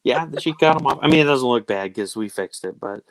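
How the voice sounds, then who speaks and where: A podcast host in his thirties chats casually about his family, animatedly acting out his kids' and relatives' voices. His mid-range voice moves a little fast, and the recording quality is low.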